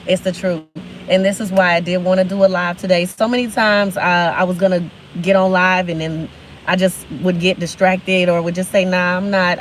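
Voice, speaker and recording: A woman's voice: mid-range voice, slight background noise, low-quality recording. A young adult woman hosting a motivational live stream on her phone. She speaks emphatically and repeats phrases for emphasis. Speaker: livestream host.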